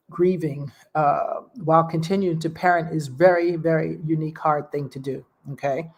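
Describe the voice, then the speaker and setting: A woman's voice: lowish voice, a little mellow. A woman hosting a show, talking in a casual, heartfelt way and often checking in with "okay?" and "you know". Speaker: host.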